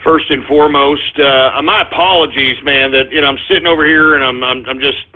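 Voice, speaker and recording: Brisk and steady in tone, a medium-pitched man runs a call-in radio show and rants angrily, swearing, sighing, and stumbling over restarts. The recording is lo-fi and tinny like a phone call.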